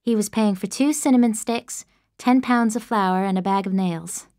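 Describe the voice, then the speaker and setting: A woman narrating an audiobook in the first person, measured and expressive, close to the mic. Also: mid-range voice, no room sound.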